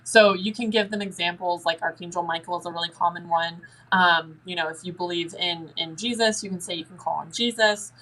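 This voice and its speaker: A young woman answering listener questions as a guest in a paranormal Q&A, chatty and lively, often acting out little dialogues. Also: brisk, hardly any pauses, rough recording. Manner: chatty, acts out dialogue in a higher voice.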